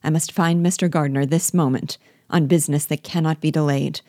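A woman reading the lines of a distressed young gentlewoman from a classic novel, urgent and anguished, in a low, mellow voice. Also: steady tone, fairly quick, no room sound, clean studio sound, natural voice.

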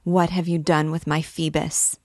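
A woman reading the lines of a condemned young gypsy girl, steady and defiant. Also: low voice, unhurried, dry recording, studio quality.

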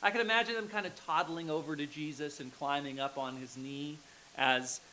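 A male pastor with a fairly high, bright, forceful voice and fairly even intonation preaches at a moderate pace. He's conversational, checking in with the congregation through "okay?" and "right?". The low-quality recording carries slight background noise.

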